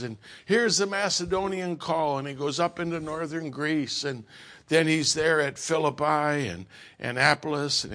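Pastor man preaching, bright forceful voice, folksy and emphatic. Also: a little high. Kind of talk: sermon.

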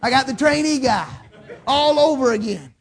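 A male pastor preaching a sermon, telling folksy stories and rising to shouts. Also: very high voice, animated, moderate pace, gravelly.

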